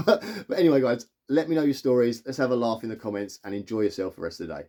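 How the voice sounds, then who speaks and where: A man, a vlogger telling rambling, animated stories to his viewers and chuckling as he goes. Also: mid-range voice, quick pace. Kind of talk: casual storytelling to camera.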